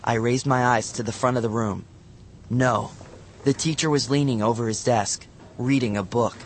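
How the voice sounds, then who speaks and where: A man narrating a children's novel as an audiobook, in a lively, expressive storytelling manner. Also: mid-range voice, moderate pace, a little hiss or hum.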